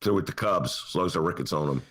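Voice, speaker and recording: A man's voice: deep voice, quick pace, a bit bright. An older man with a Chicago accent, hosting a talk show and doing a sarcastic comic monologue that mocks what he reads aloud. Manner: sarcastic, mocking voices. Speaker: podcast host.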